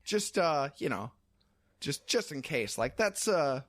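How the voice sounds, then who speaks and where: A man's voice: fairly high pitch, very animated, slow, a bit bright, no room sound, clean studio sound. A man co-hosting a podcast, chatting casually and hesitantly with stammering restarts. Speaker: podcast co-host. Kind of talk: casual chat.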